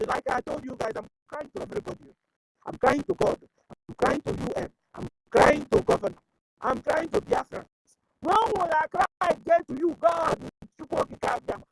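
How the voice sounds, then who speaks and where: High, gravelly Nigerian woman pleading. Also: normal speed, background noise. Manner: pleading, full of rhetorical questions; switches into Igbo prayer. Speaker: activist commentator. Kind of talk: impassioned spoken commentary.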